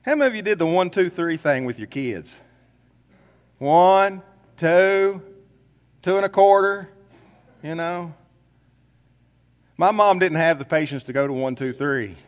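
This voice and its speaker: Male pastor, folksy conversational sermon, higher voice, long church-hall reverb. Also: animated, normal speed. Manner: folksy, conversational preaching with rhetorical questions. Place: church sanctuary.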